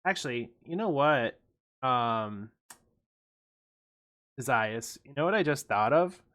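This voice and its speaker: A man's voice: mid-range voice, lively intonation, takes it slowly, a bit bright. A man streaming a game, swearing and making sarcastic asides as he plays. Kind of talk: casual game stream commentary. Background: faint game music.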